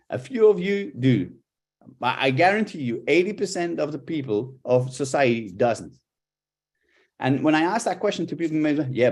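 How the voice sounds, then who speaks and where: Middle-aged male coach, live workshop delivery, animated intonation, mid-range pitch. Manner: expressive, lively intonation, talks with hands. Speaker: body language coach.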